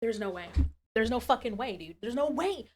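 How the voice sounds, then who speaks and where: A woman's voice: a little high, lively intonation, a little fast. Exasperated swearing woman streamer. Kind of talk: live game reaction.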